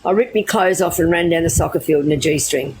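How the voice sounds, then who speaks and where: Brash Australian woman with a low voice. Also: a little fast. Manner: brash, swearing, animated anecdotes. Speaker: storyteller. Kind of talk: casual storytelling. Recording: noisy background.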